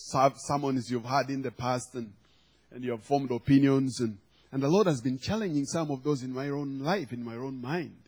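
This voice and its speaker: A man's voice: fairly high pitch, darkish tone. A man preaching a sermon, telling a humorous story and acting out the quoted lines. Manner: storytelling with acted quotes and laughter.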